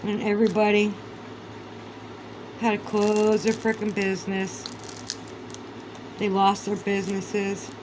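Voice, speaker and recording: A woman's voice: mid-range voice, completely flat delivery, slow pace, long pauses, background noise. A woman vlogger in a casual, heated monologue, swearing a lot and sounding sarcastic and incredulous. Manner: heated, profane, ranting.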